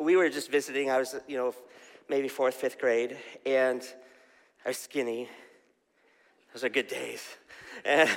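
A man's voice: medium pitch, a bit bright. A man preaching a casual, story-driven sermon, often asking the crowd questions. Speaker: pastor. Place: church hall. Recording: long hall reverb.

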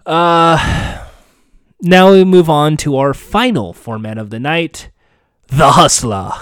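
A man's voice: a little high, animated, slow, smooth, dry recording. Sarcastic, swearing male podcast host. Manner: candid, sarcastic, swears freely. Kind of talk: casual chat.

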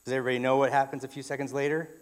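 A man's voice: mid-range voice, little pitch movement, rapid-fire. Man preaching a conversational sermon. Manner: conversational storytelling, frequent restarts. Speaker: pastor.

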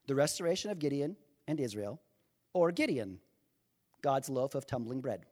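A male pastor preaching a sermon, speaking directly to his congregation and building to impassioned, near-shouted emphasis. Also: mid-range voice, animated, normal speed. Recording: long hall reverb.

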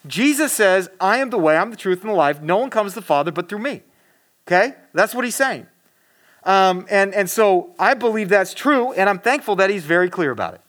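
A man's voice: high-pitched, expressive, a little fast, a bit bright. A man giving a casual, conversational sermon, talking straight to his listeners with lots of fillers and restarts. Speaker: preacher.

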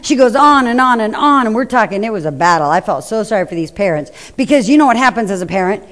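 A woman's voice: mid-range voice, animated, quick pace, fairly bright tone. A middle-aged woman preaching a sermon, telling stories and talking directly to the congregation. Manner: conversational, anecdotal, addresses the congregation. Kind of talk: sermon with storytelling. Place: church hall. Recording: echoey hall reverb.

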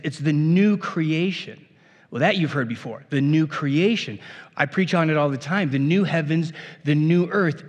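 A male pastor reading scripture and then preaching in a conversational way, with rhetorical asides to the congregation. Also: on the high side. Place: church sanctuary. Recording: long reverb of a church hall.

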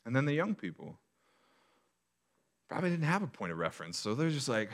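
A man preaching a sermon as a pastor, telling stories in an animated way and acting out the voices of a crowd. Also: medium pitch, a little fast.

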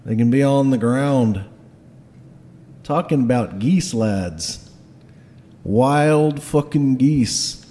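A man voicing a gruff, bossy middle-aged male dwarf with a put-on Scottish accent, talking loudly and swearing. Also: mid-range voice, drawn-out words, pauses often, in a large hall, a little hiss or hum. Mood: gleeful. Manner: loud, blustering, swearing.

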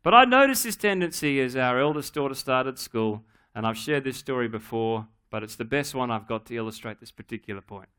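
A middle-aged man preaching a sermon, telling a family story in a relaxed, humorous, conversational way. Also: mid-range voice, brisk, smooth. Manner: acts out his daughter's voice in quotes. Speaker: pastor.

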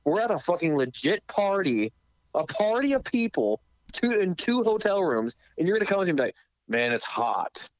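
A young man in casual chat, telling stories in a profane, animated way. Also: high voice, brisk, dry recording. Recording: dull lo-fi dry sound.

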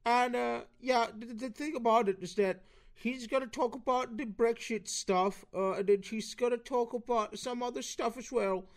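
A man's voice: very high voice, steady tone, normal speed, voice pushed up. A man voicing a brash, boastful Cockney bloke in a mock Cockney accent, swaggering and tacking "mate" onto every line. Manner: swaggering, repeats "mate", insulting.

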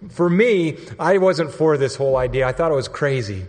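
A man's voice: fairly high pitch, lively intonation, moderate pace, a little mellow. A man telling a story in a sermon, speaking in a conversational, earnest way, with a long hall reverb around him. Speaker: mission staff speaker.

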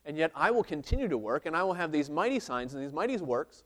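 A man's voice: fairly high pitch, sing-song, quick pace. A man preaching an expository sermon, reading scripture aloud and explaining it earnestly, with frequent restarts. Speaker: pastor.

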